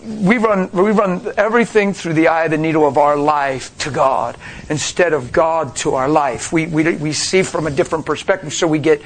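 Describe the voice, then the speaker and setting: High-voiced man preaching emphatically. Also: moderate pace. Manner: emphatic, with rhetorical questions and calls to the congregation. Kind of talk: sermon.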